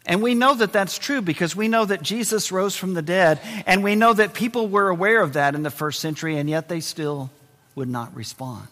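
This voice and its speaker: A male pastor preaching a sermon, swinging between loud emphasis and quiet, intense moments. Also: a little high, lively intonation, a little fast, long reverb tail.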